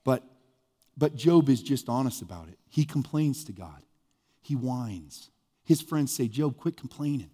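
A man's voice: measured pace, husky, long reverb tail. A male pastor, giving a conversational sermon with sudden bursts of emphasis. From US Midwest. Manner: conversational, animated preaching with sudden rises in pitch and volume.

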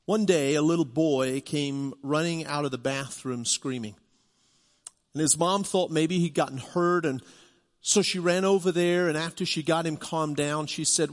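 A man's voice: fairly high pitch, moderate pace. Earnest preaching man in a reverberant hall. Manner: earnest preaching, rising to emphatic questions. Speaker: pastor. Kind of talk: sermon.

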